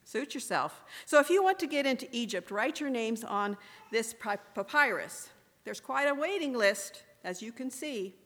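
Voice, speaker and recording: A woman's voice: fairly high pitch, expressive, normal speed, fairly bright tone. A woman reading aloud as a weary, irritable male border soldier, questioning with dry skepticism. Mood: curt, sardonic. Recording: echoey room with long reverb.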